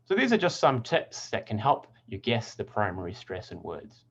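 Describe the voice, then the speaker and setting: A man teaching English pronunciation, speaking in clear, deliberate tones and carefully sounding out example words. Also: on the low side, very animated, a bit bright, muffled recording. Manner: clear, deliberate word demonstrations. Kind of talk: scripted lesson narration.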